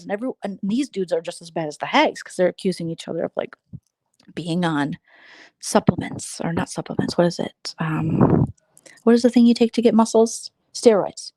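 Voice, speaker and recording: A woman's voice: fairly low pitch, normal speed, warm tone, dry recording. A woman hosting a casual livestream chat, gossiping sarcastically and slipping into imitations. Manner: gossipy, sarcastic, slips into mimicry. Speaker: host.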